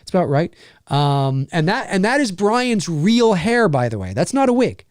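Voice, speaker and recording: A man hosting a live question-and-answer stream as a voice actor, talking in a rambling, animated way and swearing freely. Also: on the high side, moderate pace, dry recording, studio quality. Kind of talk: casual live-stream chat.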